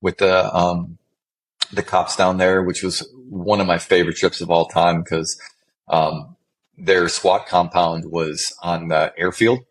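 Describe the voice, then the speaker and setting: Man, middle-aged, very low voice, rambling, casual storyteller, interview guest. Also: level tone, a little slow, slight background noise, poor audio. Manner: rambling, with many restarts and some swearing. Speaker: guest, former special forces medic.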